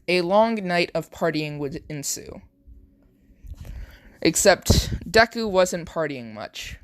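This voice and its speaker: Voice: medium pitch, no room sound. A narrator improvising a fan-fiction action story, often stopping to restart and correct words. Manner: halting, with frequent restarts and self-corrections; strings events together with repeated "would" and "as".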